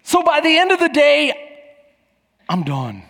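A man in his forties preaching a sermon as pastor, telling stories with lively acted-out voices and shouts. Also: extremely high pitch, unhurried, in a large hall. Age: 40s. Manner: animated storytelling, acting out voices and shouts. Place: church.

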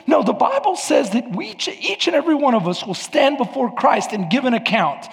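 A man preaching a sermon as pastor of a church, with emphatic rises and sudden shouts. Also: very high-pitched, sing-song, fairly quick, gravelly, few pauses, big-room sound. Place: church sanctuary.

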